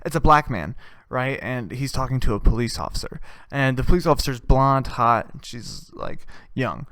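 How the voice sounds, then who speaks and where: A man's voice: mid-range voice, expressive, normal speed, fairly bright tone, no echo. A male host telling crude, rambling jokes in an ironic comedic monologue.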